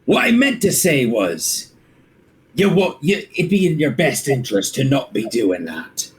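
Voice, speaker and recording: A man's voice: mid-range voice, very animated, measured pace. A man voicing a pirate who pretends to be a frail, scared old sailor, pleading and fawning in a tabletop game. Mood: mock-apologetic. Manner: pleading, obsequious, groveling. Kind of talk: tabletop role-play.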